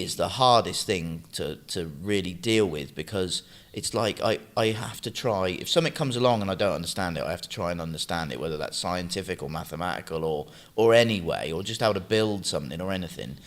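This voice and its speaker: Low-pitched man, co-host, earnest and hesitant, casual podcast chat. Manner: earnest, halting, open about feelings.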